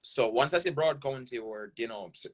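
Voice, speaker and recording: A man's medium-pitched voice moves fairly quickly: he's a Jamaican content creator from Jamaica, guesting on a podcast. He keeps the interview casual and animated, emphasizing plenty and often checking in with "right?"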